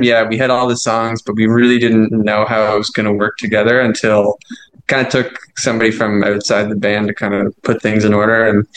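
A man's voice: fairly low pitch, a bit bright, rough recording. A man who writes his band's songs, talking casually in an interview, rambling and self-deprecating with lots of fillers. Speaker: songwriter and band frontman.

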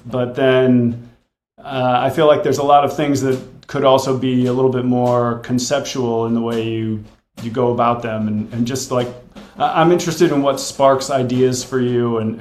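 A man interviewing a musician, asking long thoughtful questions with many restarts and fillers. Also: medium pitch. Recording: echoey room, faint noise.

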